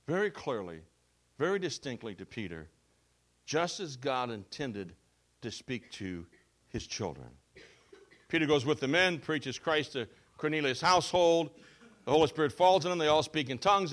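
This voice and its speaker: A man preaching a sermon as a pastor. He reads scripture and explains it with emphasis, going from loud to soft. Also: on the high side, lively intonation, normal speed. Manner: emphatic, with wide swings between loud and soft.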